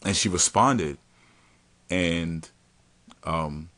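A man telling dating stories in a casual, animated and slangy way, laughing often. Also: sits low, extremely slow. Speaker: podcast host telling stories. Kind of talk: casual storytelling.

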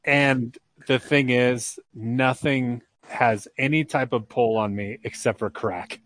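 A man's voice: mid-range voice, fairly even intonation, slow, a bit bright, dry recording. A man co-hosting a casual podcast chat, speaking in a wry, candid way and laughing along. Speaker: co-host.

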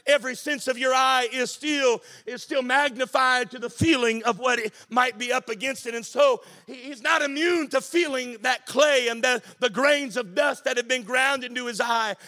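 Pastor, male, impassioned preacher; bright, ringing voice. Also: very high voice, steady tone, moderate pace, hardly any pauses. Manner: impassioned, rising to shouting and sing-song cadence. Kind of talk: sermon.

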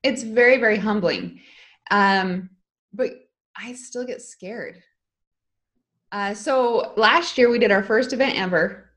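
A woman's voice: medium pitch, slow, pauses often, fairly bright tone. A middle-aged woman speaking as an interview guest, telling a personal story in an emotional, candid way. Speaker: guest, online course creator.

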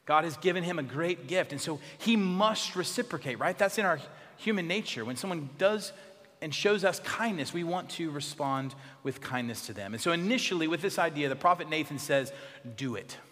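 A pastor preaching a sermon in a church, expressive, dropping to soft tones for emphasis. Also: male voice, fairly high pitch, a little fast, long reverb tail.

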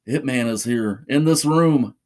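A man's voice: mid-range voice, measured pace, a little mellow, voice pushed up, natural voice. A man voicing a frightened young boy who pleads with his parents in a spoken horror story. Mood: scared. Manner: pleading, fearful.

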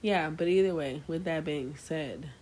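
A woman's voice: low-pitched, unhurried. A young woman co-hosting a podcast, chatting casually and telling stories to listeners with lots of energy. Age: young adult. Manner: animated storyteller addressing listeners as y'all. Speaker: podcast co-host. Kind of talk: casual chat.

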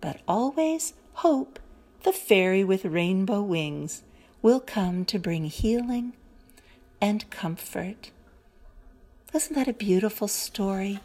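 A woman reading a children's story aloud in a gentle, expressive manner, then closing the story with a short reflection. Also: mid-range voice, slow.

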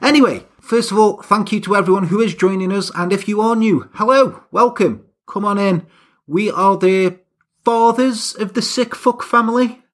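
A man's voice: high-pitched, moderate pace, a bit bright. A man hosting a podcast, chatting casually and teasing his co-host while telling a story. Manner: jokey, teasing, playful banter. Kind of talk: casual comedic chat and storytelling.

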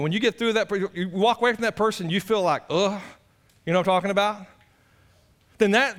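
A male pastor preaching an animated, impassioned sermon. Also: on the high side. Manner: animated, impassioned, acts out voices of others.

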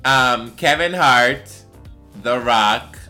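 A woman's voice: extremely low pitch, extremely slow, bright, forceful tone, soft background music. A tipsy woman from Jamaica co-hosting a podcast, chatting casually and laughing as she teases. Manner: laughing, playful, teasing. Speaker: podcast co-host. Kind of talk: casual chat.

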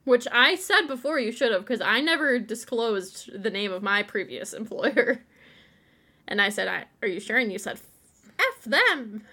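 A woman's voice: a little high, normal speed, pushed and bright. Chatty, rambling woman podcast co-host. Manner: chatty, rambling, laughs a lot. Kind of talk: casual chat. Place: home.

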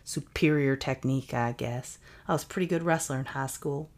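A woman reads the part of a young man cursed to become a moose, sheepish and tender, pleading his love in an earnest tone. The voice sits very low for a woman, deep and steady. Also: a little fast.

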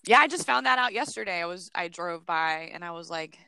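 A woman's voice: lowish voice, fairly quick, creaky, smooth, no echo. A woman from Virginia co-hosting a local podcast, chatting casually and teasing with frequent laughter. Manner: lively, teasing, laughs often. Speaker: podcast co-host. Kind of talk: casual chat.

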